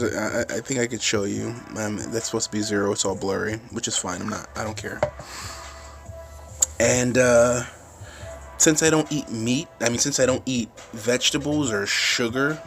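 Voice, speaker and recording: A man ranting casually to his phone camera, rambling with frequent restarts and swearing, getting fired up at times. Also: medium pitch. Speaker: vlogger.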